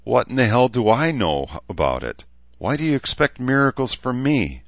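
A man's voice: low-pitched, animated, normal speed, fairly bright tone, no echo, muffled recording, voice pushed up. A man reading aloud, voicing a weary, sardonic middle-aged woman doctor. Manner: dry, exasperated.

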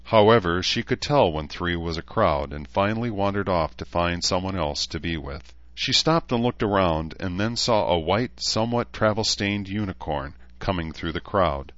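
A man reading a story aloud in steady scripted narration, on a dull lo-fi recording. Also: low voice, normal speed, hardly any pauses, dry recording. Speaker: audiobook narrator.

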